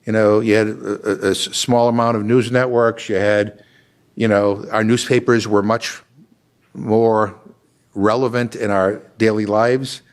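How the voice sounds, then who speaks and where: An older man, a congressman, talking casually with frequent restarts and fillers, growing animated as he tells a story. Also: lowish voice, a little slow, clean tone. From Massachusetts. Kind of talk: casual conversational talk.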